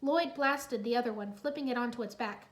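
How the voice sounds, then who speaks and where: A woman narrating a children's adventure story in a lively, expressive read-aloud. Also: on the high side, a little fast.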